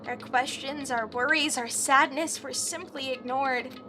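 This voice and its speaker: A woman's voice: high voice, steady tone, a little slow, music in the background. A woman reading the inner monologue of a gloomy, weary young male protagonist in a subdued, reflective tone. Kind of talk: reading game narration aloud on stream.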